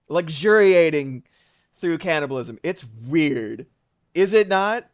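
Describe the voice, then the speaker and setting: A male streamer in casual live chat, his pitch sitting a bit high and swinging widely as he riffs. He talks in quick, animated asides and swears freely.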